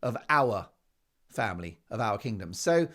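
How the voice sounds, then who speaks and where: A man's voice: lowish voice, sing-song, normal speed, fairly bright tone. A man hosting a talk show, delivering an emphatic, sarcastic opinion monologue full of rhetorical questions.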